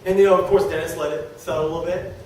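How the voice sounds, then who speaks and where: A middle-aged man with a high voice gives a motivational talk to a live audience. He is excitable, repeats himself and laughs as he talks. The sound is distant and very echoey, with steady background noise. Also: racing. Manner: excitable, repeats words, laughs while talking. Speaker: network marketing speaker. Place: meeting room with an audience.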